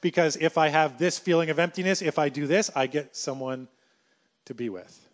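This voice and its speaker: A man preaching a sermon in an animated way, acting out everyday scenes as he talks. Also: a little high, moderate pace.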